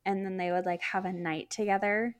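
A woman's voice: mid-range voice, fairly even intonation, brisk. Woman, podcast co-host, casual chat, chatty, lots of filler words. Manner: chatty, frequent "like" fillers, laughs while talking.

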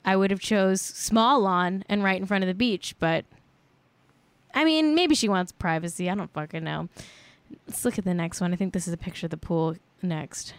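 A woman's voice: lowish voice, normal speed, smooth, no room sound. A woman hosting a podcast in casual chat, sarcastic and blunt, swearing freely and filling her talk with "like". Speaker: podcast host.

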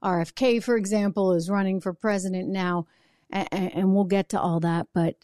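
A woman's voice: mid-range voice, steady tone, unhurried, pauses often, warm tone, no echo, studio quality. A middle-aged woman hosting a political commentary show, emotional and indignant as she reads viewer comments. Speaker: talk show host.

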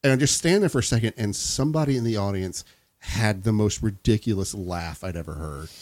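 A man's voice: on the low side, fairly quick, darkish tone, dry recording. A man hosting a casual podcast chat, telling a rambling stage anecdote and laughing through it. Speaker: podcast host.

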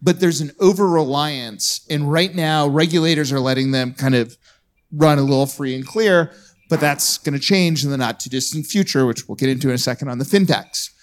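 A man's voice: a little high, fairly quick. A man speaking bluntly and jokingly on a live podcast panel at a conference, throwing out provocative hot takes.

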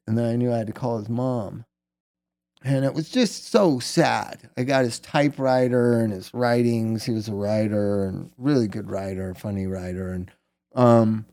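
In a medium-pitched, slightly mellow voice at an ordinary pace, this middle-aged guest rambles candidly through a long personal tale. He habitually adds "right?" to the end of his sentences.

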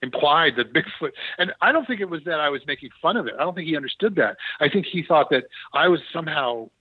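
A man, a TV producer, telling animated, laughing anecdotes in a casual interview, with frequent fillers. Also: on the high side, fast talker, breathy edge, no echo, narrow, tinny audio. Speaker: TV producer, guest.

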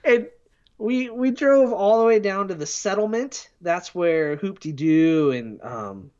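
A man's voice: high-pitched, expressive, slow pace, darkish tone, clear, resonant tone, highs cut off. A man telling rambling, self-deprecating stories in a casual podcast chat. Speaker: podcast guest.

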